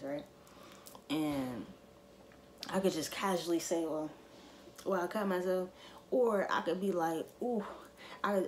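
A woman's voice: deep voice, darkish tone, a little hiss or hum. A woman vlogger in a casual to-camera monologue, speaking emphatically and repeating her points straight to her viewers.

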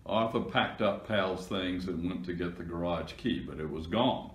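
Deep-voiced man reading a storybook. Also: normal speed. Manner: steady, plain narration. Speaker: reader. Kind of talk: children's storybook read-aloud. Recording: echoey room.

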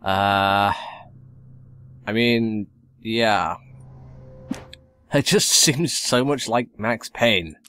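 Slow, low-ish male let's-play host; rambling, wry, faint noise. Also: bright, forceful tone, clean tone. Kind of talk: casual gameplay commentary.

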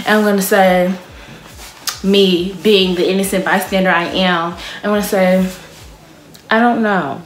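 A young woman, a dance student, flatly recounting an exchange with her teacher. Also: mid-range voice, unhurried, slight background noise. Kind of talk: casual storytelling. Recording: echoey room.

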